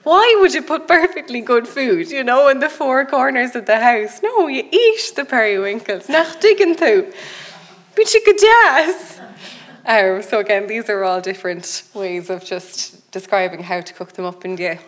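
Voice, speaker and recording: An Irish woman delivers a public lecture in a fairly high voice. She tells her stories in a lively way and acts out the people she quotes. At times she sounds a bit far from the mic. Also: normal speed, few pauses. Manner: lively storytelling, mimics islanders in high voices.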